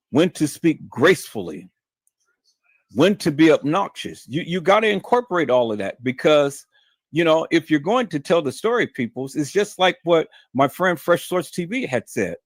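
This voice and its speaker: Dude ranting on his live stream, keeps saying peoples, goes low then yells way up high, dry close mic. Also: big pitch swings, normal speed, no echo. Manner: shifts from low muttering to high shouted emphasis; repetitive, addresses audience as "peoples". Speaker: YouTube live stream host. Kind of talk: livestream monologue.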